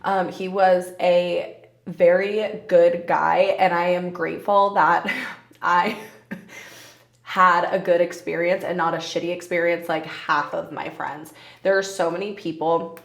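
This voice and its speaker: A woman's voice: fairly low pitch, level tone, measured pace, vocal fry. Young woman chatting on her podcast, laughs a lot, swears, roomy echo. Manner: candid, laughs often, swears freely. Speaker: podcast host. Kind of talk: casual solo podcast chat.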